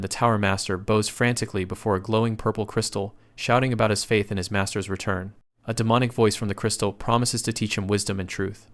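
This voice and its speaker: Male recap narrator, lowish voice, steady scripted storytelling read.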